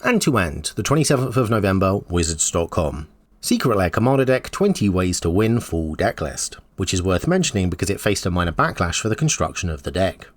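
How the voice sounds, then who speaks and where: Male host with a measured, conversational read on a recap, dry and close. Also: deep voice, sing-song, no room sound. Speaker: YouTube host. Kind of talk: scripted news recap commentary.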